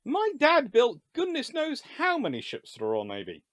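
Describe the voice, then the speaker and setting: A man giving a live-streamed history lecture. He talks in an animated, joking way and often wanders into digressions. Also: very high-pitched, normal speed, dry recording. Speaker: history lecturer and channel host.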